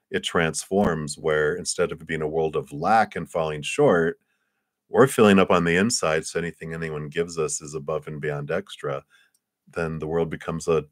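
A man giving live tarot readings in a gentle, rambling way with playful asides. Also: a bass voice, fairly even intonation, normal speed, dry recording, clean studio sound. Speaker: tarot reader.

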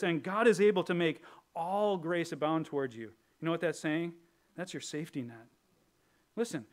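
A male pastor preaching a sermon with humor, switching between lively bursts and quiet, earnest stretches. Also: on the high side. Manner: animated and humorous, acting out prayers in a raised voice; drops to a quiet, earnest tone for serious points.

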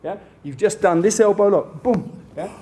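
A man's voice: high voice, moderate pace, warm tone. A man instructing a martial arts seminar, demonstrating moves in punchy bursts and checking in with "yeah?" after each point.

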